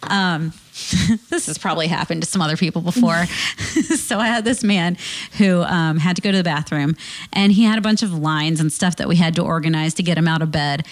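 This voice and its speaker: A woman's voice: lowish voice, fairly quick. A woman co-hosting a casual chat who laughs often while telling her stories. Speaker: podcast co-host.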